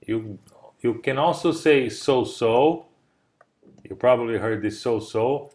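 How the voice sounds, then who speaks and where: A man's voice: medium pitch, slow, darkish tone. Male tutor on a video call. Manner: explains patiently with examples, checks understanding. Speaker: English tutor. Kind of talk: online English lesson.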